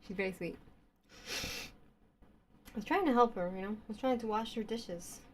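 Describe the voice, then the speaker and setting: A woman's voice: a little high, normal speed. A woman in a rambling, casual monologue who repeats herself, keeps asking her listeners questions, and sprinkles in Yiddish and Hebrew words.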